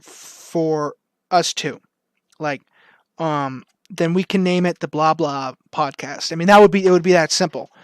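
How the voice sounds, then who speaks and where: A man co-hosting a podcast in casual chat, rambling and animated and quick to laugh. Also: fairly high pitch, clean tone, dry recording, studio quality. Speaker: podcast co-host.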